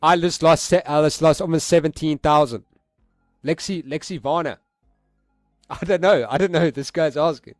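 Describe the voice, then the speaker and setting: A man chatting casually to his viewers during a live stream, excitable and laughing, swearing freely and using street slang. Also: fairly high pitch, moderate pace, no room sound, clean studio sound, soft background music. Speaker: livestreaming forex trader.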